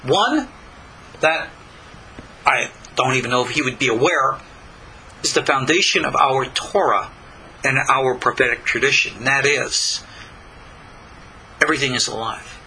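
An older man from Long Island, giving a slow, deliberate spiritual lecture with many pauses. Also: medium pitch, bright, forceful tone, slight background noise, low-quality recording. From Long Island, New York. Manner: slow, deliberate, pausing between phrases. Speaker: spiritual teacher.

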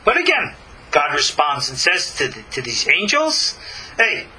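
A man giving a lively recorded Torah class, animated, with folksy asides and rhetorical questions. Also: on the high side, moderate pace, slight background noise, low-quality recording. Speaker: Torah teacher.

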